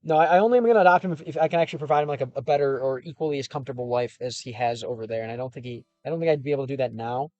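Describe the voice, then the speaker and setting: A man's voice: medium pitch, rapid-fire, few pauses, darkish tone, dry recording, lo-fi sound, soft background music. A young man from Chicago streaming from his car, chatting casually with viewers and reading their comments in a loose, rambling way with lots of fillers. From Chicago, United States. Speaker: gaming and language streamer.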